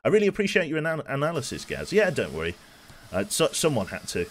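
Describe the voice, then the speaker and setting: A man's voice: mid-range voice, huge pitch swings, fast talker. A man in his twenties from England with a faint Birmingham accent, giving chatty, self-mocking commentary as he plays a game on a live stream. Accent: light Birmingham. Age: 20s.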